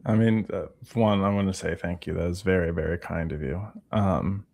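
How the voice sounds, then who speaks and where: A man's voice: deep voice, moderate pace, vocal fry. A man in casual conversation, telling a story with swearing and quoted dialogue. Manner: animated storyteller, acts out dialogue, swears freely. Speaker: podcast guest.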